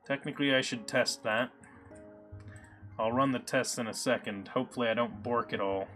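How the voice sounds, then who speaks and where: A man hosts a relaxed live coding stream, talking through his work and stopping for chat. His voice sits at a middle pitch, with lots of fillers as he thinks aloud. Faint music plays underneath. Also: moderate pace. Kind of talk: casual live-coding commentary. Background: soft background music.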